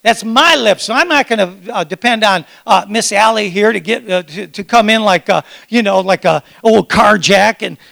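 Excitable preaching man, high and gravelly. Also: normal speed, hardly any pauses. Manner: animated, excitable preaching with audience call-and-response. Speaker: pastor. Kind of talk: sermon.

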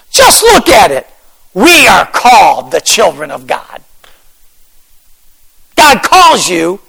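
A man preaching a fervent sermon, repeating phrases and rising into shouts. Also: very high-pitched, gravelly, poor audio. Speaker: pastor.

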